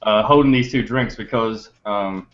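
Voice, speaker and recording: A man's voice: fairly low pitch, normal speed. A man hosting a podcast, telling a story in a rambling, chatty way with laughs and fillers. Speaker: podcast host. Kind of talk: casual storytelling to listeners. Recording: dull lo-fi recording.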